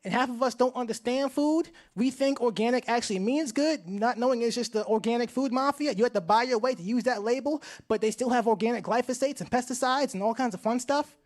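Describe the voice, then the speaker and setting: A farmer from Hartford, Connecticut, USA, tells his life story live on stage, animated and slangy, speaking straight to the audience. His voice is extremely high-pitched, a little fast, with few pauses.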